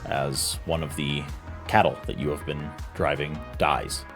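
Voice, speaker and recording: A man narrating as game master, telling a grim scene in a measured, solemn way. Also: rumbling low, fairly even intonation, music in the background. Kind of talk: slow dramatic narration of a nightmare scene.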